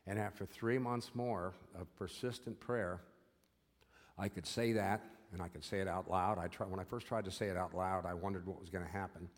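Low husky older man in a reverberant hall. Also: fairly even intonation, moderate pace. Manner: earnest, repetitive, checks in with "okay?". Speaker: former prisoner giving testimony. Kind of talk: personal testimony talk.

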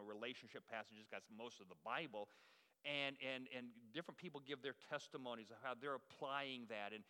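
A man's voice: sits high, sharp tone, clear, resonant tone, long reverb tail. A man preaching a sermon as the pastor, telling folksy, self-deprecating stories to his congregation. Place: church sanctuary.

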